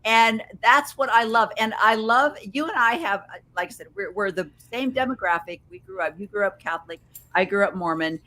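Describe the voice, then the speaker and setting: A woman's voice: mid-range voice, normal speed, sharp tone. A middle-aged woman hosting a podcast, chatting with enthusiasm and affirming her guest. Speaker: podcast host. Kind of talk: casual interview chat.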